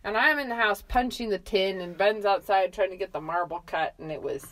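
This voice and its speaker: A middle-aged woman co-hosting a podcast, telling a comic story in a casual, animated way with bursts of laughter. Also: medium pitch, brisk. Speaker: podcast co-host.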